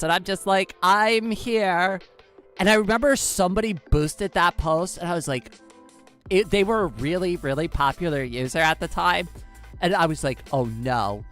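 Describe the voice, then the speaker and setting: A woman chatting casually on a live stream, excitable and giggly, saying "like" a lot. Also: on the low side.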